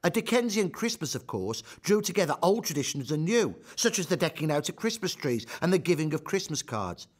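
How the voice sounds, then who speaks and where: Man narrating history in a measured way. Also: on the high side, sing-song. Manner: measured, storytelling with rhetorical questions.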